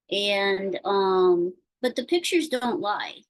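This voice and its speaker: Slow, halting woman on a video call. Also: medium pitch, rough recording. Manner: rambling, halting, with many fillers. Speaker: participant sharing a concern. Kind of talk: casual chat on a video call.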